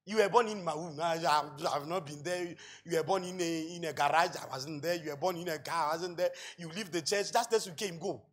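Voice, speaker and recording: A male pastor with a Botswana accent preaching a sermon, asking rhetorical questions and building to loud shouts. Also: fairly high pitch, a little fast, few pauses. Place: church hall.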